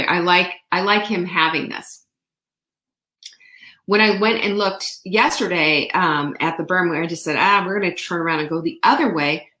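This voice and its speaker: A woman hosting a show, telling a story in a chatty, animated way with playful asides. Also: low-pitched. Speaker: show host. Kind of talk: casual storytelling monologue. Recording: roomy echo.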